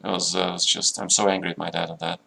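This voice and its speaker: A man's voice: low-pitched, level tone, quick pace, creaky, sharp tone. A middle-aged man telling a long story on a live chess stream, checking in with listeners as he rambles, in slightly broken English. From Russia. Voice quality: slightly broken non-native grammar. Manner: rambling, keeps checking in with "yeah?".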